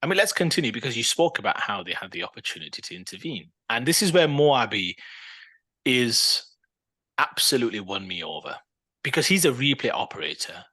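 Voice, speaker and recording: A man co-hosts a casual football podcast, his voice bright and forward. He argues his points in an animated, opinionated way, breaking into fillers and restarts as he thinks aloud. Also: medium pitch, a little fast. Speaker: podcast co-host.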